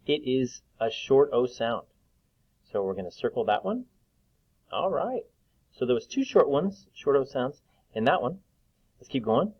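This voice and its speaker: Slow, patient man teaching young kids. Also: lowish voice, very animated, slightly rough, dull audio. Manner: slow, patient, sounding out letters and vowel sounds. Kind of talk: recorded phonics lesson for young children.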